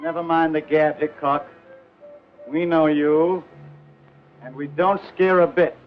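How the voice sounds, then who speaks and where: An actor playing a gruff, threatening outlaw guarding a stolen mine. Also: male voice, a little high, steady tone, slow. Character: gruff male outlaw claim-jumper. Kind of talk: 1940s film serial acting. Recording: muffled old film soundtrack with music.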